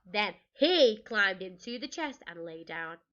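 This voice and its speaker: Lively teacher reading a storybook. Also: female voice, medium pitch, a little slow, dull audio. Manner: lively and expressive, with gasps and questions to the children. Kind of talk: reading a storybook aloud to young children.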